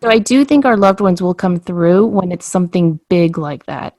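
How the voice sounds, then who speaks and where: A woman's voice: on the low side, moderate pace, no echo, studio quality. A woman telling a personal story in a casual podcast conversation, acting out the dialogue as she goes. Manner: animated storyteller, acts out quoted dialogue.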